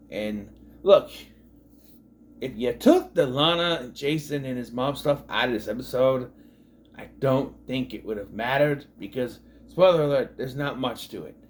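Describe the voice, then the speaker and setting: A man in his thirties giving a casual episode recap, rambling and sarcastic, full of fillers and asides. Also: medium pitch. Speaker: TV show reviewer.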